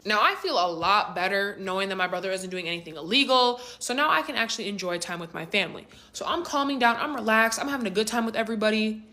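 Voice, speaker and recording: A woman's voice: mid-range voice, fairly quick. Chatty young woman telling a storytime. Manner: casual, slangy and animated, with rhetorical asides. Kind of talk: storytime vlog narration.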